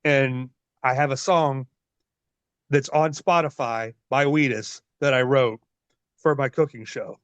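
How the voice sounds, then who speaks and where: A man in his forties, a wrestler being interviewed, telling stories in a casual, profane, animated way. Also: medium pitch, measured pace, smooth, dry recording. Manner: profane, animated, laughs often. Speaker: wrestler guest. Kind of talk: casual storytelling. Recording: dull lo-fi dry sound.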